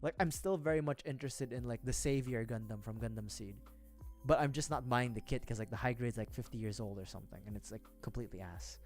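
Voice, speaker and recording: A man's voice: mid-range voice, fast talker, a little mellow. A man livestreaming as he builds a model kit. He rambles casually, mutters to himself while he works and swears often. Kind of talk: casual rambling stream chat. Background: faint background music.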